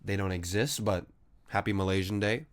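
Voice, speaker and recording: Speaking at normal speed in a voice on the low side, this game streamer keeps a casual, sarcastic tone. He teases and mock-argues with chat, swearing often.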